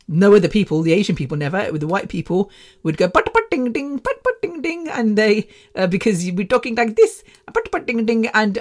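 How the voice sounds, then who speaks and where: A woman, hosting a casual solo podcast, rambling and laughing often. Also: fairly low pitch. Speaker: podcast host.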